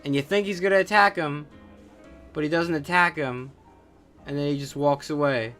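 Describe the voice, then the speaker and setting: A man runs a solo podcast, talking casually in a scornful, cursing rant that is full of filler sounds. His voice sits a little higher than most men's, and faint music plays quietly behind him. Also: normal speed. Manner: profane, scornful ranting with frequent fillers. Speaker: wrestling podcast host.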